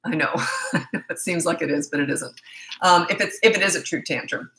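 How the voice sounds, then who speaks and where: A woman's voice: on the low side, a little fast, a bit bright, rough recording. A middle-aged woman parenting coach giving blunt, emphatic advice in a casual talk, acting out short exchanges between parents and children.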